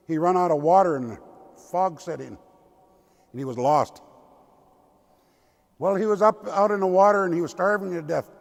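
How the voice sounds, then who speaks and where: Older man, tribal elder storyteller, gravelly voice, long cathedral reverb. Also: sits high. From Lummi Nation, Pacific Northwest. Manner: slow, deliberate, repetitive telling. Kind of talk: traditional oral storytelling.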